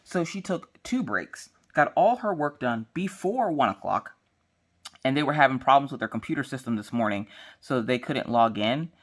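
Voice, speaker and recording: A woman vlogging about diamond painting, chatting casually as she works and telling stories in a lively, slangy, playful way. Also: extremely low pitch, moderate pace. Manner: acts out quotes in changing voices. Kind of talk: casual chat while crafting.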